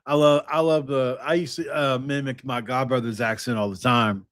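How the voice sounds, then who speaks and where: A man's voice: mid-range voice, steady tone, moderate pace, fairly bright tone. A man hosting a sports podcast, talking casually and rambling with lots of fillers and restarts.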